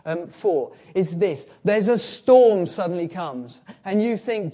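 A man delivers a sermon, recounting a Bible story as he swings animatedly from loud emphasis to hushed, slow lines. His voice sits high.

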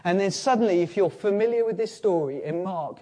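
A high-pitched man preaches a sermon, telling a Bible story. He swings animatedly between loud emphasis and slow, hushed lines.

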